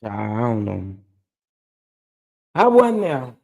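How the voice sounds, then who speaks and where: A man's voice: medium pitch, wildly swooping pitch, drawn-out words, vocal fry, dark tone, long reverb tail. Scratchy-voiced man greeting his stream. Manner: greets viewers by name, drawls "child" and "y'all". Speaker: livestream host recapping a reality show. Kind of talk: casual livestream chat.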